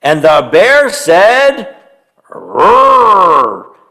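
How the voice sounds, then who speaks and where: A man telling a story to young children, animated and stopping to quiz them and have them join in. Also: sits high, slow. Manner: animated, quizzes young listeners.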